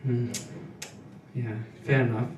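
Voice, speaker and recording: A German man in his thirties with a German accent, doing a hesitant, deadpan stand-up comedy set full of ums. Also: mid-range voice, slow pace, far from the mic, dull audio, background noise. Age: 30s. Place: small live comedy venue. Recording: echoey room, voice off-mic.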